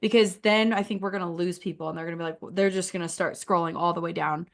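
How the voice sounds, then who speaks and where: A woman's voice: on the low side, fairly even intonation, fast, gravelly. A woman giving friendly, chatty feedback on a photographer's website in a casual online critique session, with many "like"s. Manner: chatty, encouraging, uses "like" a lot. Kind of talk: casual screen-share critique.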